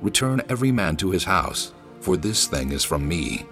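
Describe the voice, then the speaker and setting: A deep solemn prophet. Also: male voice, sing-song, moderate pace, a bit bright, faint music behind, full character voice. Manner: solemn proclaiming. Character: solemn prophet, man of God. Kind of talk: dramatized scripture reading.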